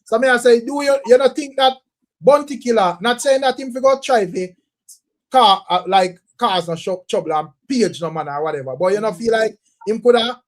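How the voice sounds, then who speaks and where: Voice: mid-range voice, normal speed. A host with a Jamaican accent, asking long, winding questions in casual talk and agreeing with frequent "right".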